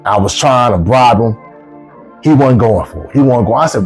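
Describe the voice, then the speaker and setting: A man with features, casually telling a travel story as a vlogger, swearing freely and jumping up in pitch when he quotes himself. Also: moderate pace, husky, soft background music. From United States. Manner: animated, profane, rises sharply when quoting himself.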